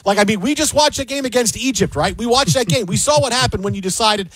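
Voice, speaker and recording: A male sports talk host argues his takes with emphasis and a joking edge. His voice sits high for a man. The sound is close and dry. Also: expressive, quick pace, hardly any pauses, fairly bright tone, husky, no room sound. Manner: emphatic, opinionated, jokey.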